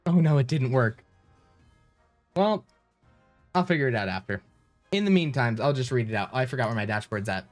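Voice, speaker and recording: A man's voice: mid-range voice, lively intonation, normal speed, long pauses, faint music behind. A man live streaming, flustered and rambling as he fiddles with his stream settings and thanks viewers.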